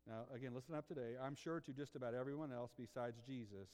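A man preaching a sermon with passion, swinging from loud outbursts to hushed tones and asking his listeners rhetorical questions. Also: mid-range voice, fast talker, big-room sound. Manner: asks the congregation rhetorical questions. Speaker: pastor.

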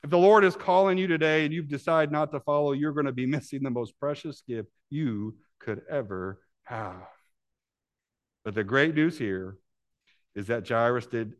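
A man preaching a sermon as pastor, acting out voices from the Bible story and swinging between hushed, intimate lines and loud, climbing passages. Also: a little high, lively intonation, normal speed. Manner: acts out voices in Bible scenes.

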